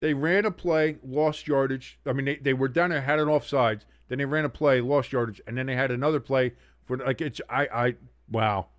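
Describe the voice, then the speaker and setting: A man hosting a sports watch-along stream, giving excitable play-by-play with blunt, profane reactions. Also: mid-range voice, moderate pace, no echo. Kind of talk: casual live sports commentary.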